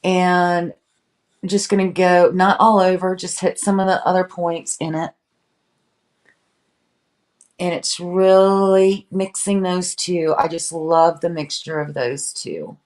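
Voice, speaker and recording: A woman's voice: lowish voice, fairly even intonation, slow, darkish tone. A woman hosting a casual live painting demonstration, chatting and greeting viewers by name. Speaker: furniture painting livestream host.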